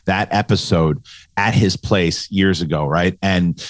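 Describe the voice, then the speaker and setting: A man co-hosting a podcast, chatting casually with a low voice. He is animated and acts out the lines he quotes. The sound is dry and close. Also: unhurried, no room sound. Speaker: podcast co-host. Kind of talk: casual review chat.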